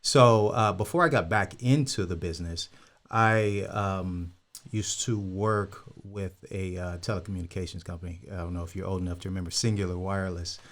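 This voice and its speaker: An older man from California, a guest telling his story in a relaxed, rambling way with many fillers. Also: deep voice, moderate pace. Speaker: guest, insurance broker. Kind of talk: casual interview chat.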